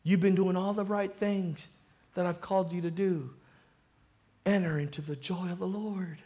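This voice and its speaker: A man voicing God, calm and gently approving, in a slow hushed way. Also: sits high, natural voice.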